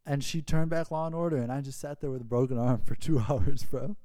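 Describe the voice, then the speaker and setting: Animated man telling stories, dry mic. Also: fairly quick, no echo. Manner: animated storyteller, squeaky voices for his younger self. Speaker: podcast co-host. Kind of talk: casual storytelling chat.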